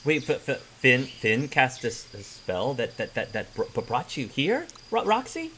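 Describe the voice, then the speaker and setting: A man voicing a tiny, excitable, cheerful character with a small squeaky voice that stammers eagerly. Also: moderate pace, a little hiss or hum. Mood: flustered.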